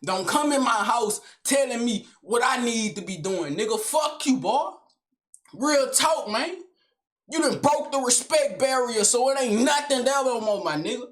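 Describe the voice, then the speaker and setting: Male storyteller: animated, heavily profane, slangy, talks straight to the audience. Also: very high voice. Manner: animated, slangy and profanity-laced, with frequent check-ins to the listener.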